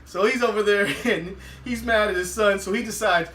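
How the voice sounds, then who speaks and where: A man with a high, bright voice chats animatedly through a TV episode recap, chuckling as he goes. He sounds roomy and set back from the mic. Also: moderate pace, recorded from a distance, slight background noise. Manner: animated, laughs often, acts out quotes. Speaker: podcast host.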